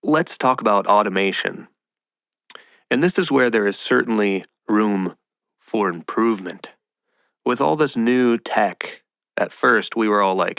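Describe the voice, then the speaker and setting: A man's voice: on the low side, unhurried, creaky, fairly bright tone, no room sound, clean studio sound. A man hosting a podcast, talking in a rambling, playful casual monologue and slipping into mock voices. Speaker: podcast host.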